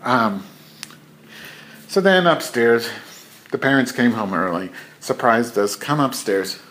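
A man's voice: medium pitch, animated, slow pace, a bit bright, a little hiss or hum. A man telling a rambling, profane anecdote to camera in a casual vlog. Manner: rambling and profane, with many fillers. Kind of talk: casual storytelling.

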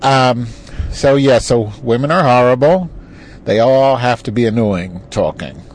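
A man's voice: mid-range voice, a little slow, slight background noise. A man talking alone in his car into a clip-on phone mic, ranting in a profane, rambling way. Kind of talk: casual monologue. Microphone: clip-on mic attached to a phone.

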